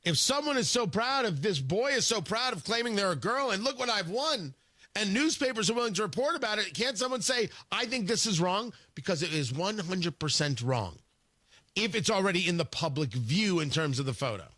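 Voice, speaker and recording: A man hosting talk radio, speaking in a combative, emphatic monologue. His voice sits high and swings widely in pitch, with a bright, forceful edge. The studio sound is dry and close. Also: very animated, a little fast, dry recording. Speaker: radio talk show host.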